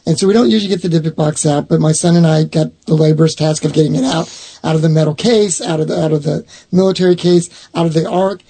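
Man, middle-aged, husky, gravelly, rambling storyteller, restarts sentences. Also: on the high side, fairly even intonation, fast talker, dark tone. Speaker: owner of a haunted box, guest. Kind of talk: storytelling in a casual chat.

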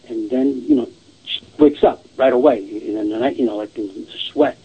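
A man's voice: mid-range voice, normal speed, slightly rough, dull audio. A man casually telling a long ghost story, rambling and repeating "I says" and "she goes".

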